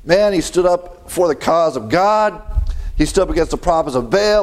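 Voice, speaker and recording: Man, gravelly, preaching, folksy asides, reads scripture, chuckles a lot. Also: a little high, expressive, normal speed, darkish tone. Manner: chuckles often, conversational asides. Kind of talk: sermon with scripture reading.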